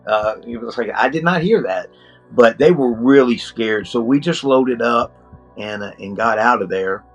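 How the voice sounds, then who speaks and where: A middle-aged man recounts his experience as a podcast guest, earnest and a little halting as he restarts his sentences. His voice sits at an ordinary middle pitch. Faint music plays quietly in the background. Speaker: interview guest. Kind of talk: casual storytelling.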